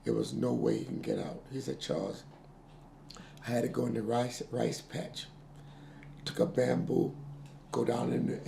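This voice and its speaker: A man in his sixties being interviewed, telling a painful family story with quoted dialogue and halting repeats. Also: mid-range voice, vocal fry, dark tone. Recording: echoey room with faint noise.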